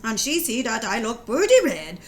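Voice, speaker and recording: A woman's voice: a little high, big pitch swings, normal speed, voice pushed down. A woman reading aloud as a bumbling old immigrant farmer who tells a comic tale in broken dialect English. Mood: telling a tale.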